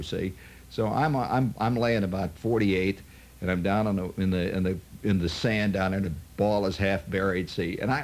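A man's voice: lowish voice, slightly rough. A man telling a long, rambling anecdote in a chatty way, full of asides. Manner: chatty, full of "see" and "you know" asides. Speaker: storyteller.

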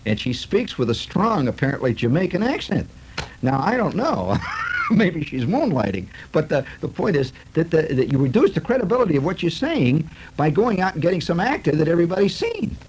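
A man's voice: on the high side, slight background noise, rough recording. A man in a comic monologue, telling stories with sarcasm and lots of fillers. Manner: animated, sarcastic storytelling with many fillers.

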